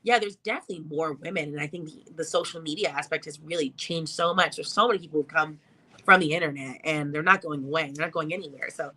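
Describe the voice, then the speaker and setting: A woman from Texas, a comedian, chatting as a guest in an interview, quick and emphatic. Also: low-pitched, bright, forceful tone, husky, low-quality recording. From Arlington, Texas. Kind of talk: casual interview chat.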